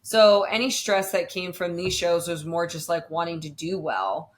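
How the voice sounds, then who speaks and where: Speaking at a moderate pace with a fairly low pitch, a young bodybuilding competitor chats as a podcast guest about her prep. The talk is casual and chatty, peppered with fillers.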